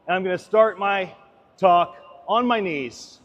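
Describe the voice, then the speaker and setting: Man, high voice, preachy talk with big swings from loud to hushed; dull, muffled sound in a reverberant hall. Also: unhurried. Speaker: speaker giving a talk. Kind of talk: impassioned sermon-like talk.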